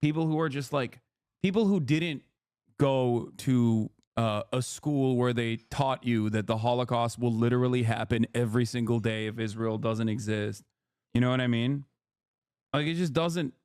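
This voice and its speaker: A man's voice: mid-range voice, moderate pace, darkish tone, clear, resonant tone, no room sound, studio quality. A man streaming live, reacting to videos in loose, sarcastic casual commentary and laughing as he talks.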